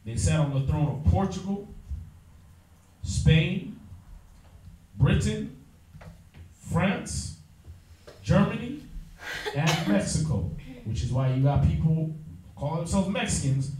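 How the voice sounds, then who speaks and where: A man's voice: on the high side, lively intonation, slow, pauses often, warm tone. A man teaching a Bible class, lecturing emphatically with lots of fillers and restarts. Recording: echoey room, mic far off.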